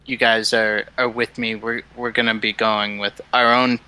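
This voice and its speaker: A man at a tabletop game earnestly lays out his plan to the other players. His voice is very bright and smooth, with little rise and fall. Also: lowish voice, flat delivery, moderate pace, low-quality recording. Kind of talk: casual tabletop play.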